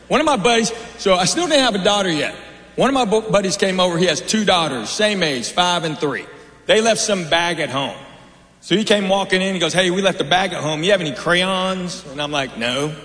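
Comedian on stage, echoey hall. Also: male voice, sits high, animated, moderate pace, fairly bright tone. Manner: dry, conversational storytelling with asides to the crowd. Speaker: stand-up comedian. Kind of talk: stand-up comedy set. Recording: roomy hall reverb, faint noise.

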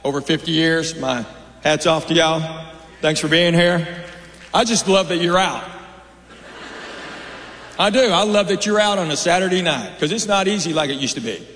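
A man's voice: on the high side, moderate pace, pauses often, a bit bright. A middle-aged man doing a stand-up comedy set on stage, telling dry, conversational stories with asides to the crowd. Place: large hall on stage. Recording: roomy hall reverb, faint noise.

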